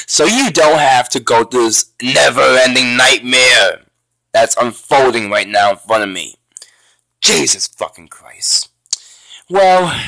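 A man's voice: medium pitch, a bit bright, no echo. Frustrated young man swearing at a game. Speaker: gaming YouTuber. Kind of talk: raging gameplay commentary.

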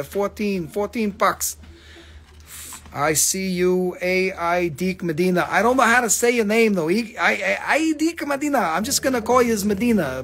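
A man's voice: sits high, a bit bright. A man hosting a live crystal sale, rambling and joking as he swears freely and talks to viewers by name. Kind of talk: casual live sales pitch.

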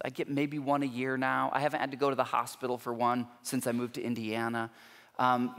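A man preaching a sermon as a pastor, earnest and emphatic, building intensity with pauses for weight. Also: a little high, a bit bright. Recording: long church hall reverb.

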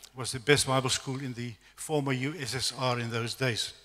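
Bright-voiced South African preacher, echoey hall. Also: male voice, medium pitch, moderate pace. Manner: storytelling, animated, self-deprecating humor. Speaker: guest preacher. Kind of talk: testimony sermon. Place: church at an evening service. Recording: echoey church hall reverb.

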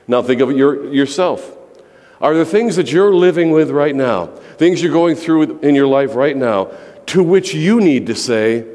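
A man's voice: medium pitch, normal speed, a little mellow. A male pastor preaching a sermon to his congregation in a church, emphatic and repetitive, building phrases for effect. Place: church sanctuary. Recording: long reverb of a large church.

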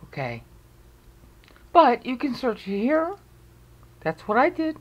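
Slow, thinking-aloud screen walkthrough. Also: medium pitch, big pitch swings, highs cut off. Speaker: video presenter explaining research.

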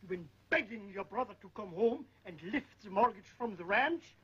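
An actor playing an excitable film director who shouts orders and mangles his English, with a raspy voice. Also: high-pitched, moderate pace, heavily acted. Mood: bossy. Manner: shouting, fussy, broken English. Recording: dull old film soundtrack with music.

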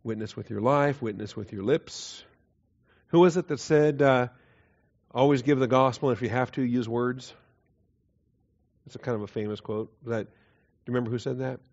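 A man's voice: medium pitch, normal speed, pauses often. Man teaching a hesitant Bible class. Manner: conversational, hesitant fillers, quiet chuckles, quizzes the class. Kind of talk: doctrine class lecture with questions. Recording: dull lo-fi class recording.

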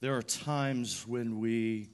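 A man preaching a sermon as pastor, using rhythmic repeated phrases and building from quiet reflection to loud emphatic preaching. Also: medium pitch, takes it slowly.

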